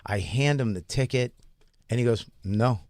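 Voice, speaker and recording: A man's voice: mid-range voice, normal speed, a little mellow, no room sound, clean studio sound. A man, a comedian co-hosting a podcast, telling a long profane story in a rambling casual way.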